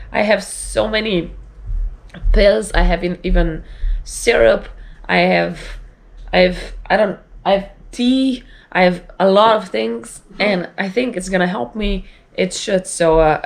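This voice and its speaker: Gravelly-voiced woman vlogger, sore throat. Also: fairly low pitch. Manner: rambling, chatty, with light laughs. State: sore, strained voice from illness. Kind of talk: casual chat to camera. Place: at home.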